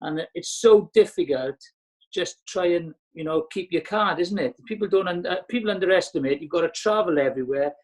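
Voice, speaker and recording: A middle-aged man from Wales co-hosting a podcast, chatting in a rambling way with excitable bursts. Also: high-pitched, fairly quick, poor audio. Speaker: podcast co-host. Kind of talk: casual podcast chat.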